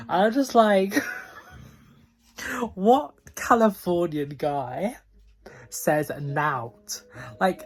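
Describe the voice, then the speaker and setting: Man, book vlogger, giggly and rambling, low-key casual delivery. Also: animated, slow pace, long pauses, breathy edge. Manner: giggly, laughs often, many "like" fillers. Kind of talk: casual reading update.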